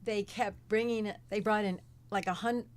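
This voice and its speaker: A woman's voice: medium pitch, fairly even intonation, normal speed, slight background noise. A woman in her seventies, a guest in an interview, telling chatty stories and laughing often between her words. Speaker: guest, former child actress. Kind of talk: casual interview storytelling.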